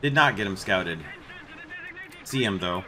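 A man hosting a gaming channel, explaining his match in a relaxed way and then calling out targets to his squad. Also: low voice, measured pace, a little hiss or hum. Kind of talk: gameplay commentary and squad voice chat.

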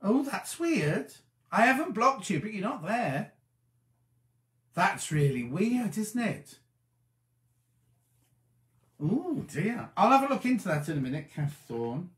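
A man's voice: high-pitched, very animated, slow pace, long pauses, fairly bright tone, roomy sound. A tired man hosting a casual live-stream chat, rambling as he answers viewers' comments. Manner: chatty, rambling, reads comments aloud and answers them. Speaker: host.

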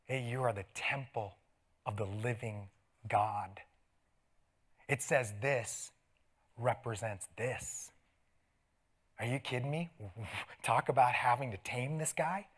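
A middle-aged man preaching a sermon as pastor, telling stories with laughs and dropping to soft asides. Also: medium pitch, slow pace, long pauses. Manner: animated storytelling with laughs and sudden soft asides. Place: church sanctuary.

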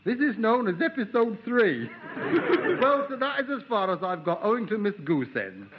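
A man's voice: high voice, big pitch swings, normal speed, muffled recording. A man playing a bumbling, servile radio producer in a 1960s comedy sketch, who says "sir" after everything and talks in broken grammar. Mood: eager. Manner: ungrammatical, rambling. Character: bumbling eager middle-aged male radio producer. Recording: hissy old reel-to-reel radio tape.

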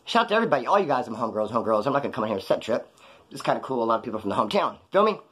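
A man's voice: medium pitch, sing-song, very fast, fairly bright tone. A man telling stories from his past in a casual, rambling, slangy way. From California, USA. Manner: rambling, slangy, acts out quoted voices. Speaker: storyteller recounting his past. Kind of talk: casual storytelling on a live stream.

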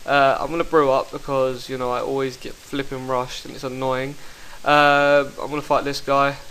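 A young man commentating his own online game fights, excitable and quick to swear, talking into a headset mic. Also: medium pitch, slight background noise, poor audio. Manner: excitable, swears, bursts into shouts. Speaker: gaming commentator. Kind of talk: live gameplay commentary.

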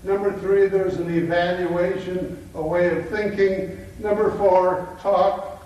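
A man's voice: high voice, level tone, takes it slowly, lo-fi sound. An older man lecturing to a live audience in an emphatic teaching manner, telling anecdotes. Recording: echoey hall, mic far off.

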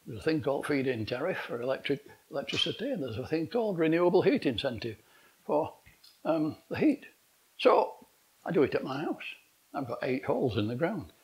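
An older man gives a conference talk. His voice sits fairly high and moves a great deal, rising sharply on exasperated rhetorical questions. He rambles, restarts and circles back in a chatty way. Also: gravelly, rough recording. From England. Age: 80s. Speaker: conference speaker. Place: conference hall.

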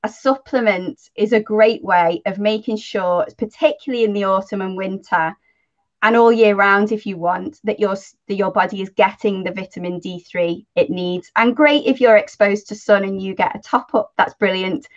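A woman's voice: mid-range voice, steady tone, normal speed. Woman explaining, in dull lo-fi sound. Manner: friendly, explanatory, checks in with listeners. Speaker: livestream co-host. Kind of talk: casual livestream chat. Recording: dull lo-fi audio.

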